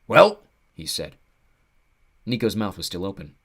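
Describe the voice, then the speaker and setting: A man narrating an audiobook with an expressive storytelling delivery. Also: on the low side, fairly quick.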